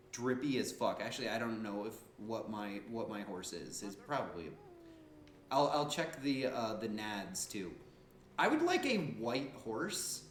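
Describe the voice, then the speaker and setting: A man's voice: mid-range voice, echoey room, a little hiss or hum. A man giving casual, joking, slangy gameplay commentary as a streamer. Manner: animated, joking, slangy and profane.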